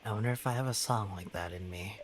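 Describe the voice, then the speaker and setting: A streamer voicing a calm, gentle young male singer in a visual novel game, speaking softly and politely. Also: medium pitch, background noise, pitched below the performer's own voice, close to an everyday voice. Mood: serene. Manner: soft, polite, unhurried.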